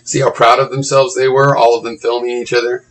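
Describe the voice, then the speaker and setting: A man's voice: medium pitch, little pitch movement, a little fast, rough recording. A man reading blog comments aloud and mocking them in a sarcastic, profane running commentary.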